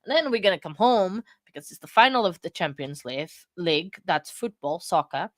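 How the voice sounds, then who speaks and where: A woman's voice: fairly low pitch, animated, fairly quick, dry recording. A woman hosting a livestream, chatting casually and reading viewer comments aloud in a rambling, self-deprecating way. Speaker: livestream host.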